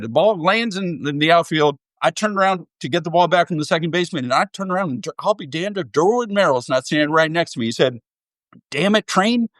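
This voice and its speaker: A man doing an impression of a retired star pitcher, an older man with a Southern US drawl telling a folksy, animated yarn. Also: no echo, studio quality. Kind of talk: impression within an interview.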